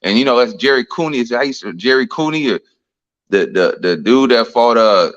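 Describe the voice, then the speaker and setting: A man's voice: medium pitch, lively intonation, a little fast. A man, a heavyweight boxer, talking in a laid-back, reflective way with casual slang in an interview. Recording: dull lo-fi audio.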